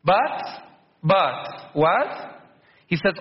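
A man giving a conversational sermon, slowing down to stress quotations and slipping in Arabic words. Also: a little high, lively intonation. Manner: conversational preaching, slows for quotes, mixes in Arabic words. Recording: dull muffled sound.

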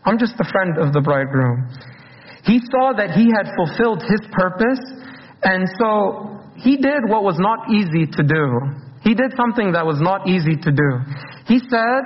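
A man's voice: sits high, animated, normal speed. A man preaching a sermon as a priest, speaking in a conversational way and asking the congregation questions. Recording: dull, echoey church recording.

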